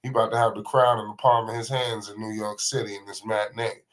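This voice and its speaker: A man calling basketball play by play on a livestream, excitable and slangy, naming every pass. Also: fairly low pitch, quick pace. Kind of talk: live play-by-play commentary.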